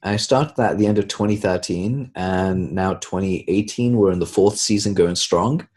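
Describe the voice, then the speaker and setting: Man, lowish voice, British accent with hard American r's, casual guest chat, lively quoting. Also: normal speed. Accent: British with American touches. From Tanzania, raised in the UK. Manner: animated storyteller, quotes others in lively voices. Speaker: podcast guest.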